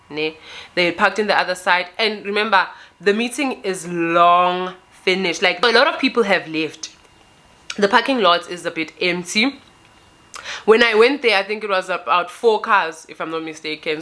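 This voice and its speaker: A South African woman vlogger telling a dramatic story in a lively, animated way. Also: mid-range voice. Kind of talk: storytime vlog.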